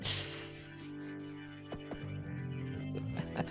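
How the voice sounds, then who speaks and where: A woman's voice: drawn-out words, over music. A woman with a Mid-Atlantic American accent touched by Baltimore, chatting casually on stream while gaming and rambling as she answers chat.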